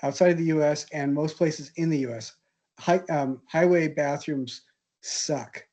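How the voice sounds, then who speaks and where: The speaker is a male art history instructor swapping lesson for anecdote, his voice low and warm and his pace a little slow. He rambles, stumbles through ums and restarts, and laughs at his own stories, all against a classroom backdrop.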